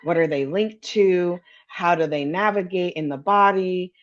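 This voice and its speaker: A woman's voice: lowish voice, unhurried, muffled recording. A woman in casual storytelling as a psychic guest, candid, laughing easily and swearing. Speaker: psychic and energy healer guest.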